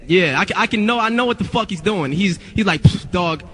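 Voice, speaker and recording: A man's voice: high-pitched, expressive, quick pace, bright, forceful tone, long reverb tail. A young man, a rapper, telling stories casually to friends, swearing often and rambling with many restarts.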